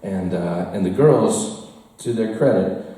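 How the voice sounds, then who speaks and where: This American man has a fairly low, dark voice and takes his time, spinning a meandering tale at his own expense for a crowd in a bar and frequently cracking up at it. He's picked up from far away in an echoey room.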